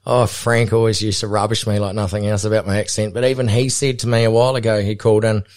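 A man's voice: fairly low pitch, little pitch movement, fast talker, a little mellow. A middle-aged man with a New Zealand accent, a bull catcher and pilot, talking in a laid-back, rambling way full of fillers in a podcast interview.

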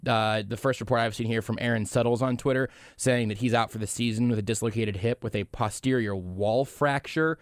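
A young man hosting a sports talk radio show in a studio, joking and quick to laugh. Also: mid-range voice, fairly even intonation, dry recording. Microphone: studio mic.

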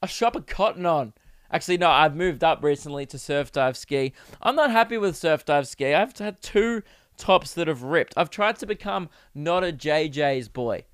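A man's voice: fairly high pitch, moderate pace, clear, resonant tone, no room sound, studio quality. A man in his twenties with an Australian accent, hosting his own podcast in a rambling, crude, jokey way and laughing often. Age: 20s. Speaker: podcast host. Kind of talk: casual solo podcast chat. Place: home recording setup.

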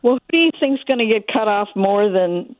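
A woman calls a radio show over a narrow, tinny phone line, her voice dry and mid-pitched. She presses her point insistently, lecturing the host. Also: expressive, normal speed, no echo. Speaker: caller. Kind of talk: call-in radio conversation. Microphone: telephone.

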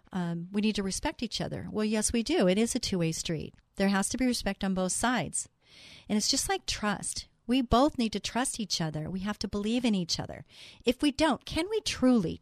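A woman hosting a faith talk show, speaking in an earnest, personal way, quoting scripture and slowing down to stress key words. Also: mid-range voice, no room sound, clean studio sound. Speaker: show host.

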